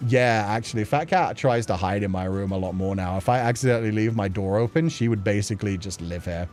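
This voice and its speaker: A man's voice: on the low side, a little fast, darkish tone, faint music behind. A man hosting a casual livestream chat show, rambling with lots of filler words and laughing often as he reads viewer messages.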